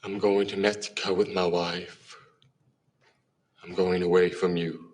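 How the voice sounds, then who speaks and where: Restrained, pleading young man, film drama, low pitch, monotone. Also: a little slow. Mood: quiet restraint. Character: earnest young adult son pleading with his father.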